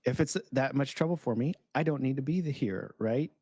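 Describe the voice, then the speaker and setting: A man's voice: medium pitch, fairly quick, a little mellow, breathy edge, dry recording. A man on a casual podcast chat, explaining ideas reflectively and voicing an inner critic. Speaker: podcast co-host.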